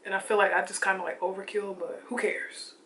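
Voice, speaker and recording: A young woman chatting casually and excitedly about her makeup while she gets ready at home, full of slangy asides. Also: mid-range voice, a little fast, slight background noise. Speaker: beauty vlogger. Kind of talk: casual get-ready-with-me chat.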